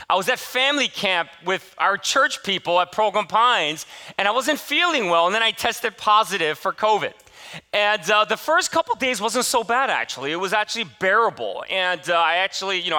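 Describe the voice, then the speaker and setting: A man preaching from the pulpit of a church, his voice pitched high and swinging widely as he tells a story on himself. He is candid and self-deprecating, and his tone stays bright and forward. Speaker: pastor. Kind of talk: sermon with personal storytelling.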